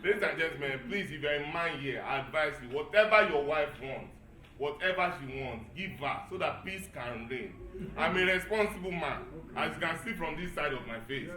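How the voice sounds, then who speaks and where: A Nigerian man in his thirties doing stand-up comedy, animated and acting out voices as he tells a story to a live audience. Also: a little high, moderate pace, echoey room. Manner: animated, acts out voices with Yoruba phrases. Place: event hall before a live audience.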